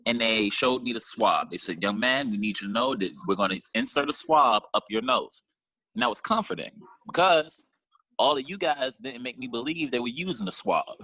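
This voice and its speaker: A man performs a stand-up routine over a video call, slangy and animated as he acts out each exchange. His voice is bright and forward, and the sound is dry and close with no room around it. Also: medium pitch, moderate pace, dry recording, low-quality recording. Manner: animated, slangy storytelling with acted-out dialogue. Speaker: stand-up comedian.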